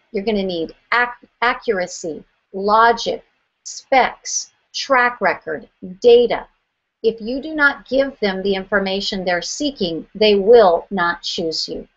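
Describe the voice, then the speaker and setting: Direct, emphatic woman trainer. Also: mid-range voice. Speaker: sales trainer. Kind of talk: presentation. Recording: slightly muffled.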